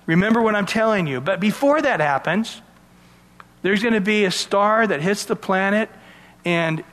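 A man's voice: high voice, fairly bright tone, long reverb tail. A man preaching a sermon, reading verses and explaining them in a conversational way with asides to his listeners. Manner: expository Bible teaching, conversational with asides. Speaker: pastor.

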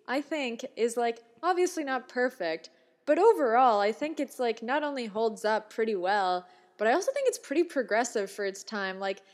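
A young woman in casual chat, animated and jokey, acting out quoted lines as she talks. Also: a little high.

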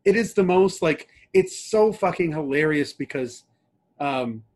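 A fairly high-pitched young adult man with a darkish tone sounds animated but keeps a measured pace. He co-hosts a podcast, chatting casually and rambling with many fillers and restarts.

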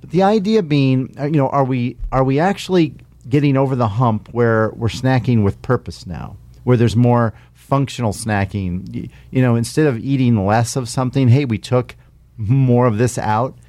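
A man's voice: medium pitch, moderate pace, no room sound. A man hosting a radio show and podcast, chatting casually in a studio with a jokey, rambling way of talking. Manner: jokey, rambling, lively delivery.

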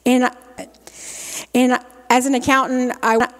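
A woman's voice: sits high, flat delivery, measured pace. A woman giving a homespun devotional talk in a folksy way, repeating her phrases as she goes. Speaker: lay speaker giving a devotional. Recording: long reverb of a large hall.

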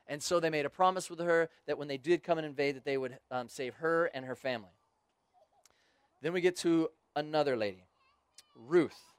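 Male preacher, slightly high voice, chatty storytelling, dry close sound. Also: normal speed, clear, resonant tone, dry recording. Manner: casual storytelling with joking asides. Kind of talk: sermon.

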